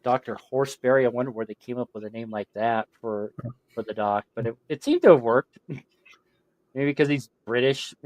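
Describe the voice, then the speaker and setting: A man co-hosting a podcast, musing aloud in a relaxed, casual chat. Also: mid-range voice, moderate pace, dry recording, low-quality recording. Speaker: podcast co-host.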